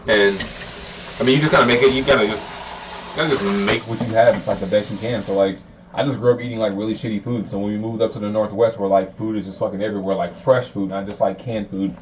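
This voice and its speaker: A young cook from the US South chats casually while cooking, explaining what he's doing in a rapid, laid-back way and swearing freely. His fairly low voice has fairly even intonation. A distant mic picks up slight background noise and faint room ambience.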